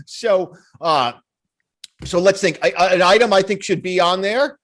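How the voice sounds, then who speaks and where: A man's voice: high voice, measured pace, fairly bright tone. A man co-hosting a casual podcast, telling rambling, jokey stories. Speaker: podcast co-host. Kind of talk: casual chat.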